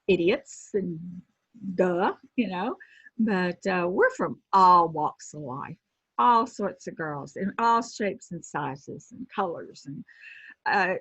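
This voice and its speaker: A woman in her sixties, a former pro wrestler, telling lively anecdotes in an interview and acting out the people she quotes. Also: lowish voice, breathy edge, no room sound. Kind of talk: casual storytelling interview. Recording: dull lo-fi sound.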